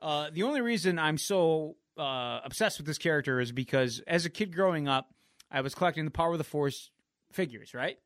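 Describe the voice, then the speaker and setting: A man's voice: on the high side, brisk, dry recording, studio quality. A man co-hosting a podcast in casual chat, rambling and swearing often. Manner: profane, rambling, animated. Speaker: podcast co-host.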